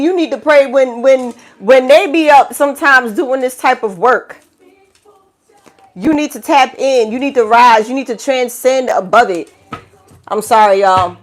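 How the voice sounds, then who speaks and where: With a high-pitched, slightly bright voice, a New York-accented woman from the Bronx offers a collective tarot reading. She's profane and blunt, laughing as she talks and preaching to viewers she calls child and baby.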